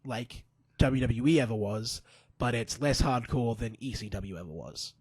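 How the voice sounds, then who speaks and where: A man's voice: mid-range voice, moderate pace, a little mellow, husky, no echo. A man co-hosting a casual podcast, recapping matches in a rambling, play-by-play way with lots of fillers. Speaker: podcast co-host. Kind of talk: casual wrestling recap chat.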